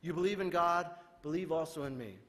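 A male pastor preaching a sermon in a relaxed, conversational way, retelling scripture in everyday modern speech. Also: a little high, fairly quick. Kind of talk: casual sermon. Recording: reverberant church hall.

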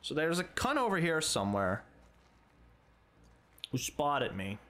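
A man's voice: fairly high pitch, wildly swooping pitch, unhurried, a bit bright. A man commentating a game as he plays, swearing and exasperated, taunting the enemies on screen. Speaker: let's play gamer. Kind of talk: casual gameplay commentary.

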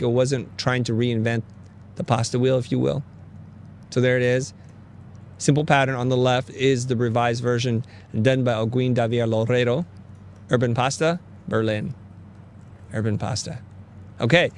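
A man's voice: mid-range voice, a little hiss or hum. A man hosting a casual design critique live stream, upbeat and joking as he teases his guests. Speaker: host of a design critique show.

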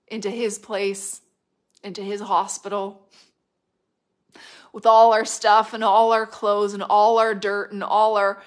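A middle-aged woman delivering a prophetic word, fervent and repetitive, swinging between loud declarations and hushed whispers. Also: medium pitch. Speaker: prophetic minister.

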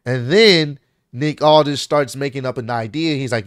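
A man's voice: mid-range voice, moderate pace, smooth, no echo, studio quality. A man hosting his own channel, casually recapping a wrestling show and animatedly acting out what the wrestlers said. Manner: animated, acts out wrestler quotes. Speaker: wrestling commentary youtuber.

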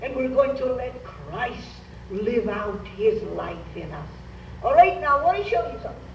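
A woman's voice: a little high, big pitch swings, normal speed, vocal fry, recorded from a distance. An older woman preaching a sermon as a Pentecostal Bible teacher, emphatic and urging the congregation to repeat after her. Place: church meeting. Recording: roomy church hall, recorded from afar, faint noise.

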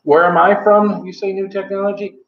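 A man's voice: sits high, flat delivery, fairly quick, a little hiss or hum. Rambling man on a live stream. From Michigan, USA. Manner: rambling, many ums and self-corrections. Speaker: channel host. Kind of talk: casual live-stream chat. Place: home. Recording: roomy, slightly dull home audio.

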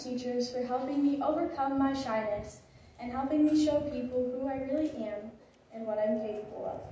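A woman's voice: high-pitched, dark tone, a little hiss or hum. A graduating teenage girl giving an earnest, heartfelt speech at a school ceremony, a little nervous. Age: late teens. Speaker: graduating student. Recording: echoey hall, distant mic.

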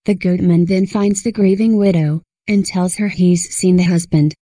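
Female narrator for horror fiction: low-pitched, dry close sound, steady delivery. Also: normal speed, dry recording, rough recording. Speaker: story narrator. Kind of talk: scripted horror story narration.

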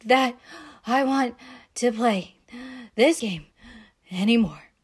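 A woman's voice: medium pitch, normal speed, close to an everyday voice. A woman voicing a bored, reluctant young boy in a storybook read-aloud. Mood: worried. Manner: flat, grumbling.

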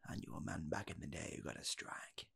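A man voicing a weary old man who solemnly warns a young bowler, in whispered role-play. He talks slowly and sounds world-weary as he lectures. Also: extremely low pitch, vocal fry, bright, forceful tone, husky, pitched below the performer's own voice, heavily acted.

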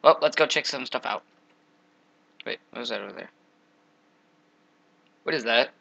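Bright-voiced young man narrating his game. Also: medium pitch, moderate pace, vocal fry, dull audio. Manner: jokey, trash-talks monsters, sudden loud outbursts. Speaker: gameplay commentator. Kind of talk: casual gameplay commentary.

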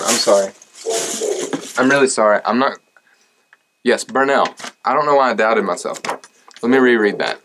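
A young singer and vlogger with a lowish voice opens fan mail, chatting casually and making self-deprecating jokes. The background is noisy.

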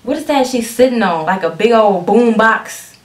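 Reacting to a music video, this woman addresses her viewers directly in an excitable, chatty way, often starting sentences over. Her voice sits a little high and her pace is moderate, and the room she's in sounds echoey.

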